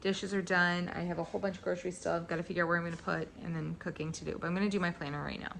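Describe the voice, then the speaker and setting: Gravelly, chatty woman vlogging. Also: fairly low pitch, fairly even intonation, rapid-fire, a bit bright, a little hiss or hum. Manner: chatty, rambling and candid. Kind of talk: casual vlog chat. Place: in her car, then at home. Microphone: phone held at arm's length.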